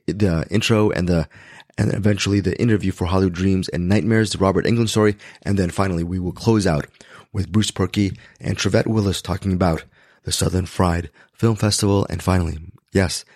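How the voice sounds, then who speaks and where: Hoarse, raspy man in his fifties. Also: brisk, dry recording, clean studio sound. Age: 50s. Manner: rambling, frequent self-corrections, jumps to excited high pitch. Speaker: podcast host. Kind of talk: casual podcast chat.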